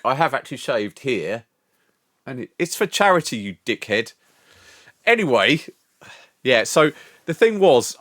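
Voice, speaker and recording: A man's voice: lowish voice, a bit bright, dry recording, studio quality. An older man streaming from home, chatting casually with his viewers, rambling, swearing and laughing often. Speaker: live streamer. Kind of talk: casual chat with live chat.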